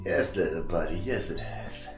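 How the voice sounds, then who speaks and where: A man's voice: low voice, moderate pace, faint music behind. A man casually playing a tabletop game, joking in a laid-back way. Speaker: player. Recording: echoey room, off-mic.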